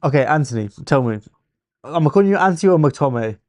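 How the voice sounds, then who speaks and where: A man's voice: on the high side, lively intonation, fast, dry recording. Chatty young Englishman streaming football. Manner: chatty, teasing, thinks out loud. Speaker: streamer hosting a football watchalong. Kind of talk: casual live-stream chat with viewers.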